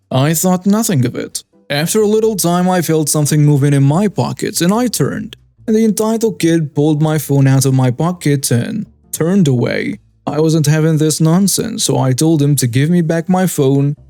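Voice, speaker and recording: Male narrator for story videos; steady, even read, dry close sound. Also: a little high, no echo. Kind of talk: scripted narration.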